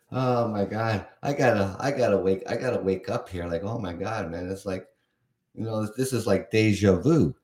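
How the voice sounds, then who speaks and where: A man's voice: on the low side, normal speed, a little mellow. A man in his fifties from Canada, hosting a casual live podcast, often chuckling and sounding exasperated, rambling with restarts. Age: 50s. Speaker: podcast host. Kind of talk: casual live-show talk.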